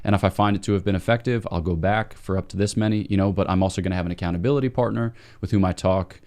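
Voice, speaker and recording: A man's voice: low-pitched, rapid-fire, darkish tone. A man from the eastern United States, a priest, explaining ideas thoughtfully in a casual podcast conversation. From United States, between Washington DC and Boston. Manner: thoughtful, explanatory, many fillers and restarts.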